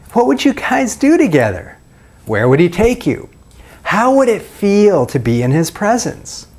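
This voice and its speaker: Questioning man coaching listeners, lively pitch. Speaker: dating coach. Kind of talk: self-help video instruction.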